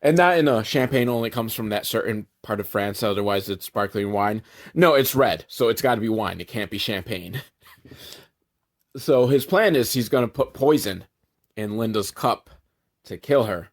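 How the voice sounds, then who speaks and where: A man giving a sarcastic, irreverent comedic recap of a movie, with deadpan asides and sudden jumps in pitch for emphasis. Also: normal speed.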